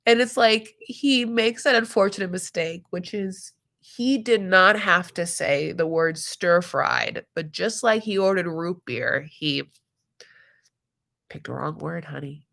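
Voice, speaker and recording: A woman's voice: fairly low pitch, slow pace, creaky, fairly bright tone. Woman, recap host, casual live-stream commentary, sassy, giggly, filler-heavy chatter. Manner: sassy, calls people honey and my love.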